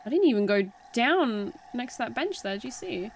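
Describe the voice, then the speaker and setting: A woman giving excited gameplay commentary, exclaiming and panicking as she plays. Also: fairly high pitch, normal speed, few pauses, slight background noise. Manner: exclaiming, panicky, laughing often. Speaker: let's play streamer. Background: game music.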